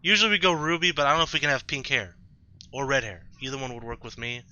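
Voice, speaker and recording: A man's voice: mid-range voice, fast, pushed and bright, slight background noise. A man hosting a let's-play, rambling through casual gameplay commentary at home and often correcting himself. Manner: rambling, self-correcting, chatty. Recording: slightly dull lo-fi mic.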